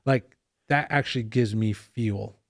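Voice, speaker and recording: A middle-aged man chatting as a podcast guest, animated and profane as he tells stories. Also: lowish voice, a little slow, dry recording, studio quality. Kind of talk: casual chat.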